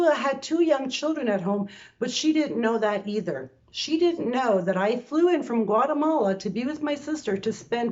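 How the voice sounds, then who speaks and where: A woman's voice: fairly high pitch, a little mellow, lo-fi sound. A woman in her sixties from Canada, telling a personal story to camera in a chatty way, full of fillers and restarts, from her bedroom. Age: 60s. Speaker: vlogger.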